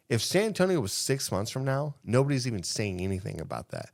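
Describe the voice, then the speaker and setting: Man co-host, lowish voice, emphatic, rambles and restarts. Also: sing-song, brisk, creaky. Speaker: podcast co-host. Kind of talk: casual chat.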